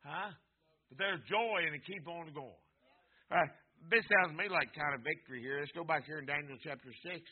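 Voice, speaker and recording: Tinny-sounding preacher, high voice. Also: male voice, a little fast, husky. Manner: swings between loud cries and low, quiet asides, repeats phrases. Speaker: pastor. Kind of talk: sermon.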